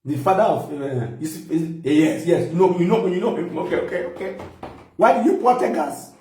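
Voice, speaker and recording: Nigerian male comedian, high voice, mocking and teasing with frequent laughter, recorded off-mic in an echoey room. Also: moderate pace, darkish tone, recorded from a distance, a little hiss or hum. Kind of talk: comic mock phone call.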